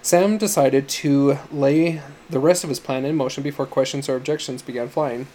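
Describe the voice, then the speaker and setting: A man narrating an audiobook story in a measured storytelling manner. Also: mid-range voice, steady tone, dark tone.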